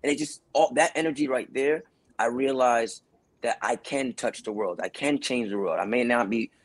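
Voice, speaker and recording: A man's voice: medium pitch, normal speed, no room sound, rough recording. A man, an actor and dancer, telling stories in a casual interview and acting out the people he quotes. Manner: animated storyteller who acts out voices of people he quotes.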